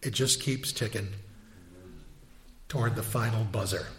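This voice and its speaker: A man's voice: lowish voice, fairly even intonation, unhurried. A man in his sixties preaching a sermon in a conversational way, full of rhetorical questions and asides. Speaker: pastor.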